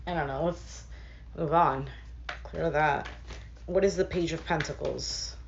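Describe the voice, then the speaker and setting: A woman's voice: sits low, fairly even intonation, unhurried, vocal fry, lo-fi sound, slight background noise. A woman reading tarot cards for her viewers in a casual, thinking-aloud way, with many fillers and asides. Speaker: tarot reader.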